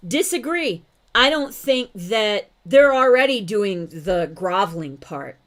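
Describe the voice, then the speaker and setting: A woman's voice: mid-range voice, animated, slow pace. A woman hosting a reaction video, talking back to a clip in blunt casual commentary and swearing freely.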